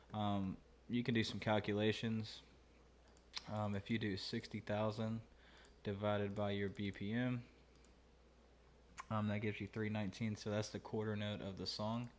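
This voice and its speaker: A man's voice: on the low side, slight background noise. A man hosting a mixing tutorial, talking casually and thinking aloud with many fillers. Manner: laid-back, thinking aloud with many ums and uhs. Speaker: mixing engineer and channel host.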